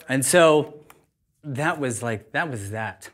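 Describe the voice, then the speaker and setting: A man speaks to a live audience in an informal, energetic way. His voice sits in a middle register for a man, and he is candid and quick to laugh at himself. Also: medium pitch. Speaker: juice bar owner giving a talk.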